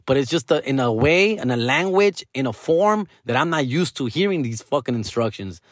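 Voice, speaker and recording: A young man with a Chicano accent, switching into Mexican Spanish slang as he vlogs to viewers, profane and animated. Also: medium pitch, normal speed, dry recording, studio quality. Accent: Chicano, English mixed with Mexican Spanish slang. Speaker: vlogger taking acting classes. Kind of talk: casual monologue to viewers. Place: small dim room with a lamp.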